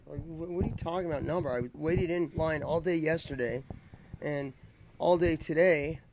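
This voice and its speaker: A man's voice: fairly high pitch, normal speed, noisy background. A man telling a long, rambling story in casual vlog style, swearing freely and often restarting his sentences. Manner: rambling, profane, with many restarts. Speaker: vlogger telling a fan story.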